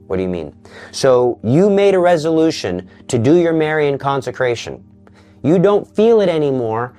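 A man giving an earnest Catholic teaching talk in a sermon style, dropping to a hush for quoted voices. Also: fairly high pitch, very animated, measured pace, soft background music. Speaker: Catholic preacher.

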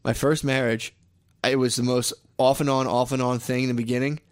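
A man's voice: mid-range voice, flat delivery, brisk. Young male co-host, rambling, crude banter, laughs often. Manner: rambling, laughs a lot, restarts. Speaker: podcast co-host.

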